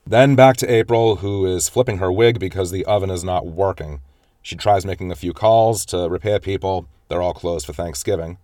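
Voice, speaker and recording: Low-voiced man recapping a film. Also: steady tone, normal speed, dark tone, dry recording, studio quality. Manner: retells scenes, quoting lines with small shifts of voice. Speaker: film reviewer. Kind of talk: casual film recap and commentary.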